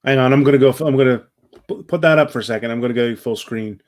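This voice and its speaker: A man's voice: mid-range voice, fast talker. A man hosting a live fan Q&A over video call, reading out viewer questions. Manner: reads fan questions, short agreeing replies. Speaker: host. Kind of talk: live Q&A interview.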